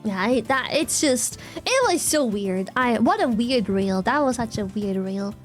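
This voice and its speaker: Speaking at an unhurried pace, a young woman with a high-pitched voice chats casually with her live-stream audience. She rants with lively emphasis, swears freely, and keeps reacting to chat while soft music plays faintly underneath.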